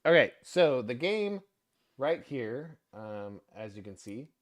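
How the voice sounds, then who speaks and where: A man's voice: medium pitch, big pitch swings, slow, no echo. Rambling male podcast co-host. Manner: rambling, self-interrupting. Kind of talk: casual chat.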